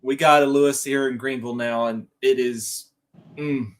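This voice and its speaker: A man's voice: medium pitch, fairly even intonation, normal speed, over a noisy crowd. Easygoing man from South Carolina. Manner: easygoing, laughs often. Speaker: podcast guest. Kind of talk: casual chat.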